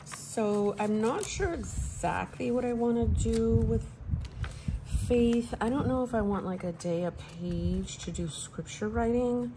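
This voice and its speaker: A woman's voice: fairly high pitch, a little slow, noisy background. A woman vlogger chatting casually at home while she works on a planner, rambling and laughing often. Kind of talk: casual chat while crafting.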